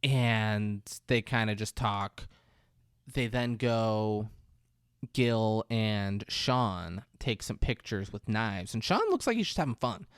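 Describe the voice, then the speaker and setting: A man's voice: takes it slowly, clear, resonant tone, dry recording, clean studio sound. A man co-hosting a podcast, casually retelling a film scene and acting out the characters' lines. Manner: animated retelling, jumps into high put-on voices for characters. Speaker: podcast co-host. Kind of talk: casual movie recap chat.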